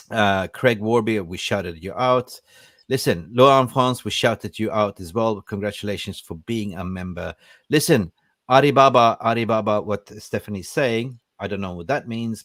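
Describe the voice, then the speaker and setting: A man's voice: fairly low pitch, normal speed, fairly bright tone, no echo, studio quality. A man hosting a live fan podcast, reading out and greeting viewers from the chat with energy. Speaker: podcast host.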